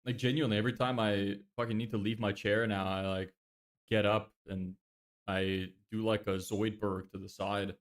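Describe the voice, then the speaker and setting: A man's voice: on the low side, level tone, moderate pace. A young man casually chatting on a live stream, exasperated and swearing often as he answers viewers. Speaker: livestreamer.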